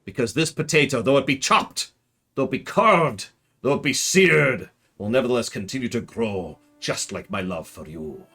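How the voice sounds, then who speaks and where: A man's voice: medium pitch, lively intonation, moderate pace, pushed and bright, husky, full character voice. A man hamming up a flowery courtly suitor. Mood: mock-romantic. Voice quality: theatrical, grandly declaiming, mock-poetic.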